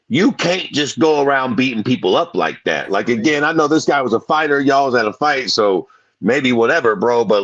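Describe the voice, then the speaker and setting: A man co-hosting a podcast, ranting in animated, profane, slang-heavy casual chat. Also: medium pitch, slightly rough, dry recording, highs cut off. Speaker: podcast co-host.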